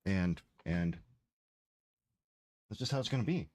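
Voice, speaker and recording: Give me a man rambling and swearing on a livestream, low-pitched and dry. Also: expressive, unhurried, darkish tone, dry recording. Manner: rambling, profane, exasperated. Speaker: game developer streamer. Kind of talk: casual livestream chat.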